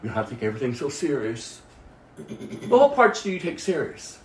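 A man preaching a sermon as pastor, emphatic, swinging from quiet asides to loud exhortation. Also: medium pitch, very animated, a little fast, reverberant.

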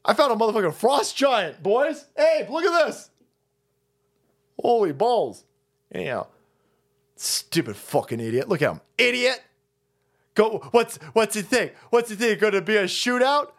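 A foul-mouthed man streaming a mocking political rant, laughing and swinging between loud jabs and low muttering. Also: big pitch swings, measured pace, pauses often.

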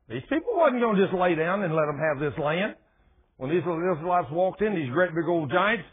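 A man preaching a sermon in a folksy, animated storytelling manner. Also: high-pitched, normal speed, husky. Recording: tinny phone-like radio broadcast.

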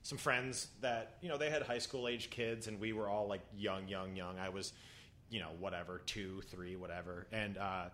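A man's voice: on the low side, steady tone, normal speed, a bit bright, a little hiss or hum. A man rambling through a self-mocking childhood story on a podcast. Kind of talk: casual storytelling.

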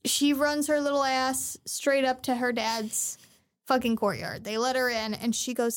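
A woman's voice: high-pitched, a little slow. A young woman co-hosting a casual podcast, retelling an anime with lots of swearing and acted-out lines. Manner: profane, animated storyteller who acts out characters. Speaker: podcast co-host. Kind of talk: casual anime recap chat.

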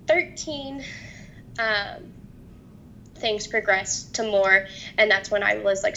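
A young woman telling her own story as a guest in an interview, halting and hesitant, with many restarts. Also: mid-range voice, bright, forceful tone, muffled recording, a little hiss or hum. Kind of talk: personal testimony in an interview.

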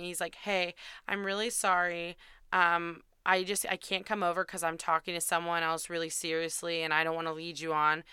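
A woman's voice: lowish voice, pushed and bright, clean tone, dry recording, clean studio sound. A young woman host telling a candid, self-deprecating dating story in a chatty way, swearing freely. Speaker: podcast host.

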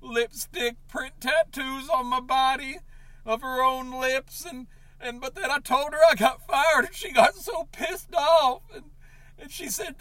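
A man ranting in a comedic confessional vlog, overwrought and tearful, breaking into sobs and shouts. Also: very high voice, measured pace, no room sound. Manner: overwrought, sobbing and shouting in bursts. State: tearful, on the verge of crying. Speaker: comedic vlogger.

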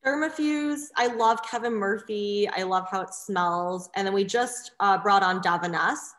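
Woman salon owner, casual and animated storyteller, middle pitch, echoey room. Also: measured pace.

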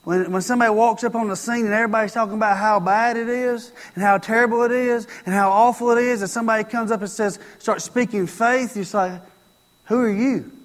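A man's voice: sits high, steady tone, fast talker, hardly any pauses, long reverb tail. A man preaching a sermon, telling a story and acting out its lines, repeating phrases for emphasis.

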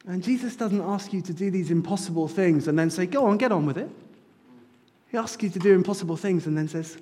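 A man's voice: sits high, brisk, dark tone. A man preaching a sermon as a church pastor, earnest and rising to fervent appeals. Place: church sanctuary. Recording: long hall reverb.

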